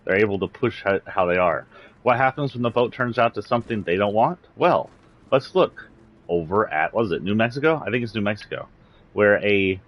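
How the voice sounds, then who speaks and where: A man's voice: on the low side, expressive, fairly quick, lo-fi sound. A man from Texas with a slight Southern accent, delivering a blunt, indignant political rant on a livestream, swearing freely. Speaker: political commentator.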